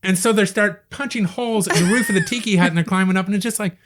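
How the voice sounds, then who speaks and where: A man's voice: high-pitched, fast, noisy background. A man chatting casually as a podcast guest, retelling a film with frequent laughs and swearing. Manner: laughing, swearing, animated storytelling. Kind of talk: casual chat.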